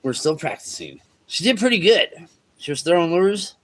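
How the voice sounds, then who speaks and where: Man, slightly high voice, casual cursing chat, riverbank livestream. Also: wildly swooping pitch, moderate pace, fairly bright tone. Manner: laid-back, swears freely, talks to chat. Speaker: fishing livestream host. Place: outdoors on a riverbank.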